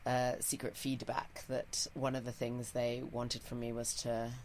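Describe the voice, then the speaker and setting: Posh low-voiced English woman comedian. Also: little pitch movement, measured pace, a little mellow, a little hiss or hum. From England. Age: 30s. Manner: wry and self-mocking, loose and chatty. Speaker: comedian, guest. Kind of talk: stand-up set, then casual interview chat.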